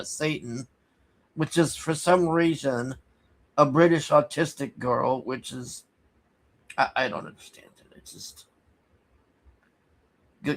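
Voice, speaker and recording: A man casually recapping a movie plot, rambling and halting with many restarts, sighing in exasperation. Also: mid-range voice, fairly bright tone. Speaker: movie reviewer.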